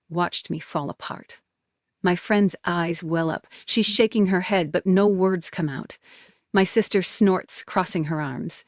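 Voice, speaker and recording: Woman, 20s, intense first-person story narration, low-ish pitch. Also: measured pace, dry recording, clean studio sound. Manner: emotional, intense.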